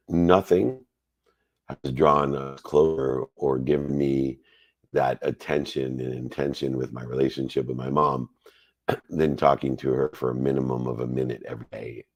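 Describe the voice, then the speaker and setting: A man's voice: a bass voice, fairly even intonation, moderate pace, no room sound, lo-fi sound. A man in his fifties answering a caller's question in a live Q&A, effusive and motivational. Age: 50s. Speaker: coach and host. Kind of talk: live Q&A talk on a call.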